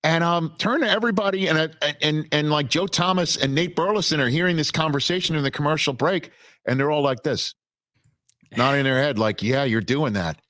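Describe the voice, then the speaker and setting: A male sports broadcaster as an interview guest, telling stories in a lively, casual way with frequent restarts. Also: a little high, a little fast, no echo. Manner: animated storyteller with many restarts.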